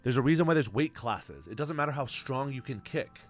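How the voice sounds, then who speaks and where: A man's voice: medium pitch, expressive, brisk, soft background music. A man in his twenties, streaming and answering chat in casual, blunt talk full of bro and man. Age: 20s. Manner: blunt, slangy, calls everyone bro and man.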